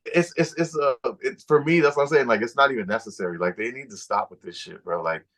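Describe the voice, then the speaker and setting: A man's voice: mid-range voice, fast talker, a bit bright. Laid-back slangy man chatting. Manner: laid-back slangy talk, often saying "bro" and "you know what I'm saying". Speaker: podcast co-host. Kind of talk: casual movie-talk chat.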